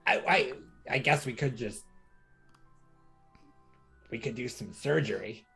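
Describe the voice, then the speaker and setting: A woman playing a tabletop game, speaking casually with halting restarts. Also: a bass voice, expressive, gravelly, fairly bright tone, faint music behind. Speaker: player.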